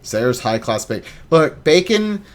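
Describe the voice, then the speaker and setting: A man in his thirties hosting a casual podcast chat, jokey and animated, swinging between loud bursts and mumbles. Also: on the high side, a little slow. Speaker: podcast host.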